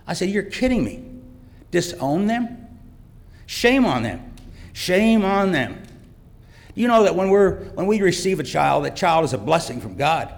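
A middle-aged man speaking from the heart at a church service, with evident emotion. His voice is gravelly and a little higher than usual for a man. It rings with the long reverb of a church hall. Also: animated, normal speed. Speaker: church guest speaker, father. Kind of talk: personal testimony.

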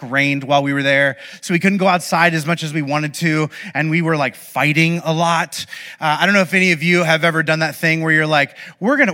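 A man in his thirties tells a story from the pulpit in a bright, slightly higher voice with a forceful edge. He talks loosely, with plenty of "like" and "um". He acts out what people said with big animated swings. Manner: animated, acts out his own shouting in stories; casual, many fillers like "like" and "um". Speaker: pastor. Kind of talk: sermon storytelling.

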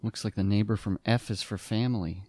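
A man's voice: lowish voice, fairly even intonation, fairly quick, dark tone, dry recording, studio quality. A man riffing on a movie with sarcastic, wisecracking asides. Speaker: movie riffer. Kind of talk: riffing commentary over a movie.

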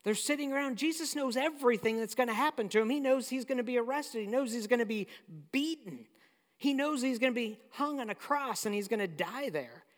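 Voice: mid-range voice, fairly quick. A pastor preaching a sermon in a conversational, storytelling way. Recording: long hall reverb.

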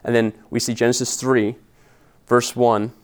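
A man's voice: mid-range voice, little pitch movement, unhurried, clean tone. A man preaching an expository sermon as pastor, earnest and conversational, retelling scripture in casual everyday words. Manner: earnest and conversational, with slangy paraphrase.

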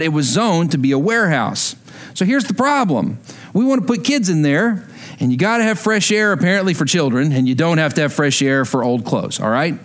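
Male pastor, middle-aged, high voice, animated storyteller preaching a sermon. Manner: storytelling, animated, rises in pitch when stirred.

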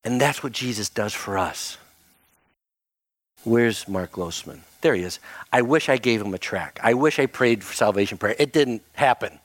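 A man's voice: medium pitch, normal speed, no echo. A middle-aged man preaching as a pastor, telling a funny personal story with self-mocking asides before leading into prayer. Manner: animated, self-mocking anecdote with laughs. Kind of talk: storytelling sermon.

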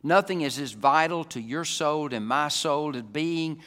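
A man preaching a sermon, swinging from loud, emphatic climaxes down to soft, low passages. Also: a little slow. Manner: dynamic, rising to loud emphatic peaks then dropping soft. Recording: reverberant hall.

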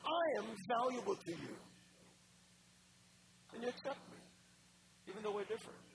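A male pastor preaching a sermon in a measured, emphatic way, stretching out his key phrases. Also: very high voice, lively intonation, vocal fry, a crowd in the background, low-quality recording.

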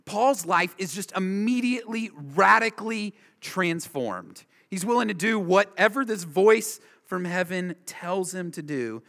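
A man preaches a verse-by-verse sermon in a rather high voice, pressing each point home with short repeated phrases. His words ring out with a long reverb, as in a large church sanctuary. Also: animated, measured pace, few pauses, fairly bright tone. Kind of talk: expository sermon.

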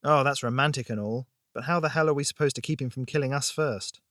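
A man's voice: mid-range voice, fast talker, fairly bright tone, no echo, clean studio sound, lightly acted. A man doing a blunt, skeptical young man. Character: blunt anxious young man, her friend.

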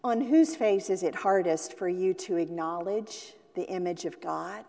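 A woman pastor preaching a sermon, slow and deliberate, sometimes acting out the voices she quotes. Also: lowish voice, gravelly, dark tone, long reverb tail. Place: church sanctuary.

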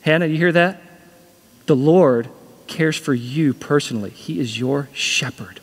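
A man's voice: fairly high pitch, unhurried, husky. Earnest male pastor in a reverberant hall. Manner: earnest, repeats key phrases for emphasis. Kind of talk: sermon.

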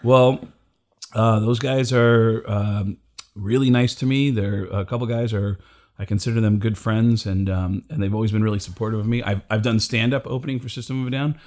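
A middle-aged man casually telling a comedy story, acting out the people he quotes with big jumps in pitch. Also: fairly even intonation, moderate pace, darkish tone. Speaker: comedian guest.

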